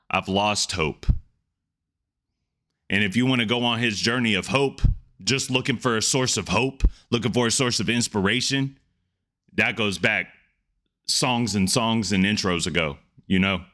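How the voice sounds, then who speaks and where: Earnest, low-voiced man reacting to music. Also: moderate pace, pushed and bright. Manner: earnest, reflective, repeats himself with restarts. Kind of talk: casual reaction commentary.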